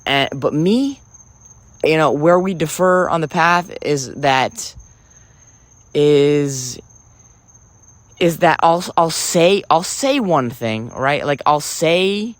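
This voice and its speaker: A man's voice: fairly high pitch, animated, slow pace, pauses often, dry recording. A man delivering a rambling comic monologue, theatrical and profane, often breaking off and restarting. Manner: theatrical, profane, self-interrupting. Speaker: vlogger.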